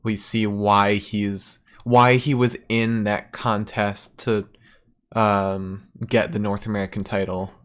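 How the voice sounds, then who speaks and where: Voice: deep voice, flat delivery, takes it slowly. A podcast co-host chatting casually about a wrestling match, easygoing and laughing along. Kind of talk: casual wrestling recap chat.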